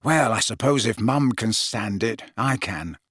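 A man reading an audiobook, voicing a weary, wry teenage girl in a soft, sighing tone. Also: fairly low pitch, animated, measured pace, husky, no echo, clean studio sound, full character voice. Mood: resigned.

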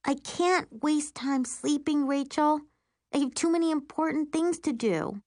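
A woman reading an audiobook, voicing a serious, sleepless young sister who talks slowly and earnestly. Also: high voice, a little mellow, no room sound, studio quality, voice pushed up. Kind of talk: audiobook character voice.

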